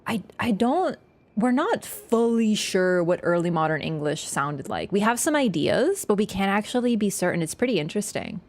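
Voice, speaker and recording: A young woman chatting live while she plays, giggly and self-mocking. Her voice sits at a middling pitch and jumps high when she laughs. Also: sing-song, normal speed. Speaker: livestreamer. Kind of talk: casual game-stream chat.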